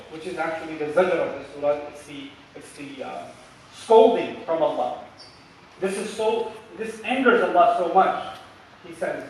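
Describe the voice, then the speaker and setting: A man delivers a religious lecture in a fairly high voice, animated, slipping into acted scolding and driving points home by repeating them. He is heard from a distance through a big, very echoey mosque hall, with a faint hum of noise behind him. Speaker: lecturer on scripture.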